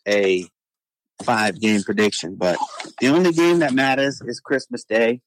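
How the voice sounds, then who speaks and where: A man's voice: mid-range voice, moderate pace, a little hiss or hum, low-quality recording. A man co-hosting a podcast in casual sports chat, talking in an emphatic, slangy way. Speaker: podcast co-host.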